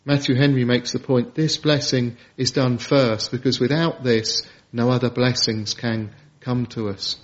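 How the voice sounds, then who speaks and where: A man's voice: medium pitch, steady tone, a little slow, lo-fi sound. A man preaching an evening sermon, earnest and emphatic, piling up lists and quoting scripture.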